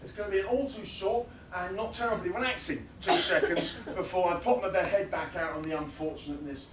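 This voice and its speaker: A man performing comic spoken-word poetry live at a festival, rhythmic and building into rapid-fire lists. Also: sits high, background noise. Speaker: performance poet. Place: fringe festival venue, live audience. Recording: roomy sound from a distant mic.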